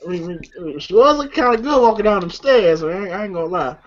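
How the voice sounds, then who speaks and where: A man's voice: high voice, fast, crowd noise. A man casually recapping a comedy film with a friend, quoting scenes and laughing often. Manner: retells scenes, quoting lines and laughing a lot. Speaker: movie reviewer. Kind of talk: casual movie recap chat. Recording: dull lo-fi sound.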